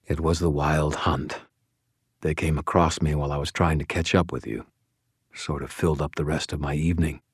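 A man voicing a guarded male vampire, speaking low and clipped. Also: steady tone, normal speed, breathy edge, dry recording, clean studio sound, heavily acted. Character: guarded male vampire brother, quiet, wry.

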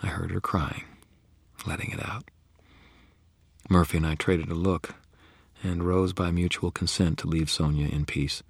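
A man's voice: deep voice, steady tone, normal speed, long pauses, breathy edge, no echo. A man narrating a first-person story in a gritty, understated way. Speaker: audiobook narrator.

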